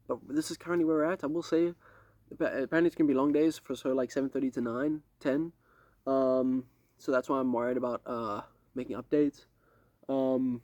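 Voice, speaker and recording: A man's voice: medium pitch, mellow, no room sound. Young guy, casual vlog update, rambling and slangy, dry close sound. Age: young adult. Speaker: vlogger. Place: outdoors on a lake dock at night. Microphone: camera set up a few steps away.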